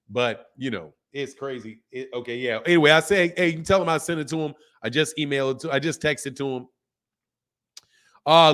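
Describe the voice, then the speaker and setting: With a mid-range, slightly bright voice, a middle-aged man runs a casual live stream on a boxing channel. He reads viewer questions aloud and talks in a loose, slangy way.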